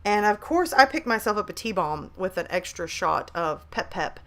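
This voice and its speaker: A woman's voice: medium pitch, expressive, normal speed, fairly bright tone. A woman, chatting casually on a live stream at home, hyper and talkative as she reads out messages from chat. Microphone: desk microphone at a laptop.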